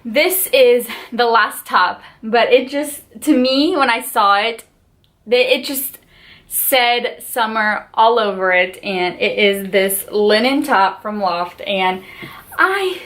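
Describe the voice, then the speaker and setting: A woman's voice: a little high, animated, slow, fairly bright tone. Gushing, chatty woman vlogger. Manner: gushing, chatty, lots of "like" and "just". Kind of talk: casual haul and unboxing vlog.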